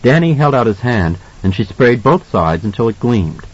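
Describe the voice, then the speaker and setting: A man narrating an audiobook in an expressive storytelling manner. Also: medium pitch, normal speed, breathy edge, muffled recording. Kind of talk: scripted narration.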